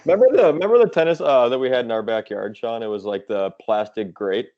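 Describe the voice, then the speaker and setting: A man chatting casually on a podcast, relaxed and rambling, with lots of fillers. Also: mid-range voice, fast, muffled recording. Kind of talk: casual chat.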